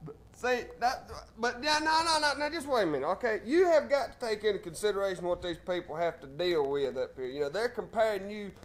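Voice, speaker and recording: High-voiced boastful man. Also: sing-song, fairly quick. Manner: boastful, joking drawl. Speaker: TV call-in show host. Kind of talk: casual call-in banter. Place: TV studio.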